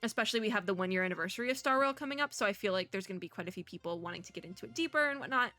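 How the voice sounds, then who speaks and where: A woman's voice: mid-range voice, expressive, racing, sharp tone, faint music behind. A young woman commentating casually while playing a game, chatty and rambling, laughing often and losing her voice. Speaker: gaming content creator. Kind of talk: casual let's-play commentary.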